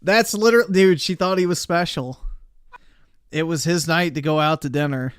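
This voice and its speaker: A man with a slightly high, smooth and resonant voice gives crude, mocking livestream commentary. He reacts bluntly to a video while talking to his chat. The sound is dry and close, with no room around it. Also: normal speed, no echo.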